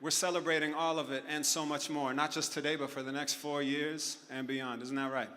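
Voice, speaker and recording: A man's voice: fairly high pitch, level tone, a little fast, heavy background noise. A man from Syria performing rap and spoken word live on stage, with a rhythmic, rhyming delivery and talking straight to the crowd. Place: event hall, live on stage. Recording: echoey hall with backing music.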